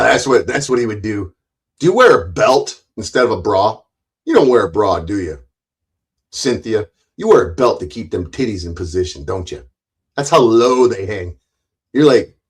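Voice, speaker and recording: A man's voice: on the low side, very animated, measured pace, long pauses, breathy edge. Profane, sarcastic man ranting on stream. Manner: loud, forceful delivery that he calls passion. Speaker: YouTube channel owner. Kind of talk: heated livestream rant.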